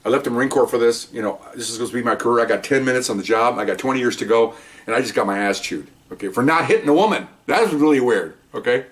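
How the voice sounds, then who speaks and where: A man's voice: medium pitch, fast talker, distant mic. A man, a retired police officer, telling cop stories in a casual monologue, acting out what people said and chuckling along. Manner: animated storytelling, acting out quotes, chuckling.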